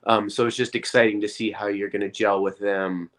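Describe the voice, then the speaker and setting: A man's voice: lowish voice, little pitch movement, fairly quick, a bit bright. Male actor guest, casual interview talk, loose and rambling. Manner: easygoing, rambling with many fillers.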